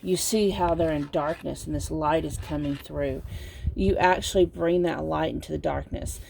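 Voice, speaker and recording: A sleepy woman giving a casual pick-a-card tarot reading, talking in a slow, meandering way with lots of fillers. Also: deep voice, gravelly, a little mellow, slight background noise. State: sleepy, yawning. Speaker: tarot reader.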